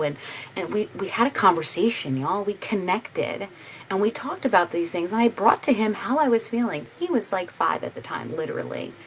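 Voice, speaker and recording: A woman's voice: medium pitch, very animated, moderate pace, slight background noise, low-quality recording. A woman life coach giving a casual motivational talk to camera, earnest and encouraging, often sighing and repeating herself.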